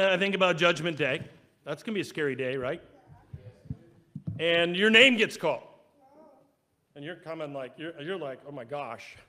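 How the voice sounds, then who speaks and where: A male pastor preaching a sermon in a church. He is animated, acting out quoted voices and swinging from loud bursts down to quiet asides. His voice sits a little higher than most men's. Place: church sanctuary.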